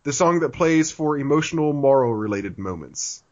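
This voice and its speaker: Male podcast co-host, slightly high voice, animated and laughing, muffled lo-fi audio. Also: normal speed. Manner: animated, laughs often, reads listener email aloud. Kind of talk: casual podcast chat.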